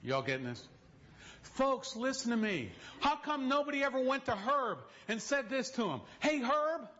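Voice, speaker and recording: A man's voice: extremely high pitch, big pitch swings, normal speed, fairly bright tone. A man preaching a sermon in a church, telling stories with direct appeals to the congregation and humorous asides. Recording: dull lo-fi recording.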